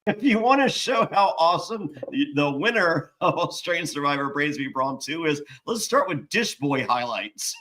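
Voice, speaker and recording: A man's voice: on the high side, lively intonation, moderate pace, fairly bright tone. A man hosting a casual reality-show recap, joking and acting out quotes from the episode. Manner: jokey, recaps scenes in mimicked quotes. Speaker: podcast host.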